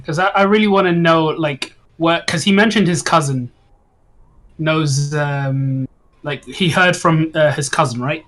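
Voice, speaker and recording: A man takes his turn in a tabletop game, speaking slowly and stumbling over repeated words as he thinks. His voice is high and bright, with a crisp, forward edge. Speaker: player. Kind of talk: casual tabletop role-play.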